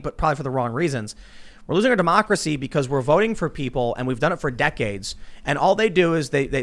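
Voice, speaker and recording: A man's voice: on the high side, expressive, a bit bright. A man hosting a political talk show, arguing his points emphatically and interrupting his guests. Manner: fast, emphatic, argumentative, interrupts. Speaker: host. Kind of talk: political panel debate.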